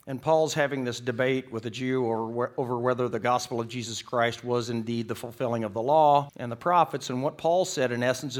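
A middle-aged man preaching a sermon, telling stories in a folksy, joking way and acting out the people in them. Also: mid-range voice. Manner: folksy storytelling, acts out characters in the joke. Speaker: pastor. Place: church.

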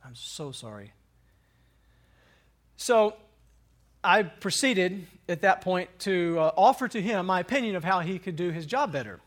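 Speaking in a high voice with lively intonation at normal speed, a man in his thirties tells a personal faith story. He rambles conversationally, using lots of fillers and restarts, and laughs at himself self-deprecatingly.

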